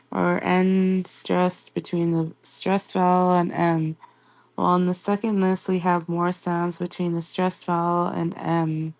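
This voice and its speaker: A woman teaches a recorded language lesson, sounding out each word form slowly and with care. Her voice sits low and stays flat, with little rise or fall. The recording is dry and close. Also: no echo. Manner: slow and deliberate, spelling out word forms.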